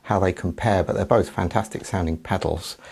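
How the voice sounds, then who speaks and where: A man's voice: deep voice, a little fast, gravelly, a little mellow, husky. A man hosting a casual interview and teaching guitar licks, friendly and fond of tag questions.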